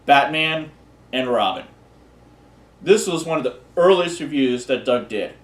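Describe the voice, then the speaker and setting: A man's voice: mid-range voice, lively intonation, unhurried, a bit bright. A man casually presenting a countdown of favorite videos, rambling and often restarting his words. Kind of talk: casual unscripted commentary. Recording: echoey room.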